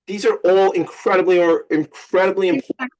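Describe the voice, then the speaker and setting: A man in his forties with a Long Island accent, hosting a casual chat over a video call, rambling and joking with enthusiastic shout-outs. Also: high voice, fairly even intonation, brisk, low-quality recording. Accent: Long Island New York. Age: 40s. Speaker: podcast host.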